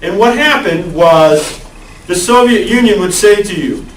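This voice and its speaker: A man's voice: high-pitched, animated, a little slow, a little hiss or hum. Man lecturing a class in an echoey room. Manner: conversational, asks the class questions. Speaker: college lecturer. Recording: echoey classroom, far from the mic.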